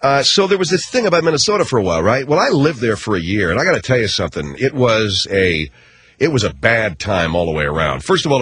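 A man's voice: mid-range voice, a bit bright. A middle-aged man hosting a talk radio show, ranting in a brash, sarcastic comic monologue. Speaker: radio host.

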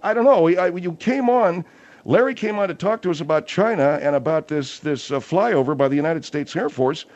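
A man hosting a comedy radio bit, measured and polite. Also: fairly high pitch, a little mellow, dull audio. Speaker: radio host.

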